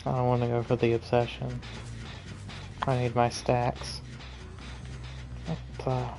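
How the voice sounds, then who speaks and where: A man's voice: mid-range voice, monotone, moderate pace, creaky, darkish tone, slight background noise. A man giving casual commentary while streaming a game, chatty and complaining about his luck. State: tired, yawning. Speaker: gaming streamer.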